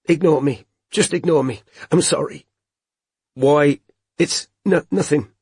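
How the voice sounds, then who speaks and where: A man's voice: mid-range voice, lively intonation, normal speed, breathy edge, no room sound, studio quality. A man voicing a young woman detective who is tearful and shaken, with a strained, breaking voice.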